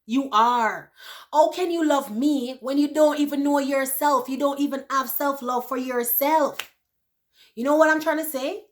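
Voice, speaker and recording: A woman in her thirties talking casually to her viewers, animated, laughing often and checking in with "you know" and "right". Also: high voice, unhurried. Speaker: vlogger. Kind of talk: casual chat to camera.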